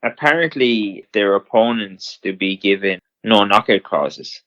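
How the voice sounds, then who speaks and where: Blunt, low-voiced Irish man, dull recording. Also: a bit bright. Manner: blunt, swears, quick jabs. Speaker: podcast co-host. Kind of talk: casual chat. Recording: dull lo-fi sound.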